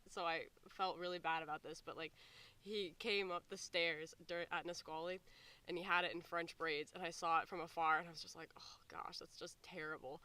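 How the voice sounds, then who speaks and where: High bright man, clear voice, camp staffer, animated telling with hushed asides. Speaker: summer camp staff member. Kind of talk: casual anecdote to camera.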